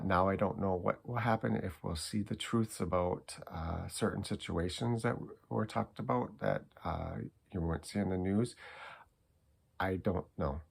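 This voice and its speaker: A man with a low voice talks through a casual monologue for his spiritual channel. His tone has a gravelly edge, and he speaks in an earnest, soft-spoken way, stopping often to restart his sentences. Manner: halting and meandering, many fillers and restarts.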